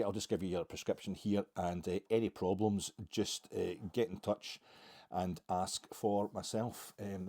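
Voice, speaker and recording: A Scottish man talks through his solo podcast in a loose, rambling way, wry and self-mocking. His voice sits low and mellow and dark in tone. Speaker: podcast host. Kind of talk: casual monologue.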